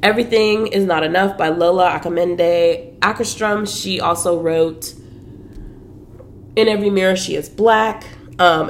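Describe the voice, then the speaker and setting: A woman hosting a podcast, chatting casually about the books she's reading, full of slang and fillers. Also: fairly low pitch. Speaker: podcast host.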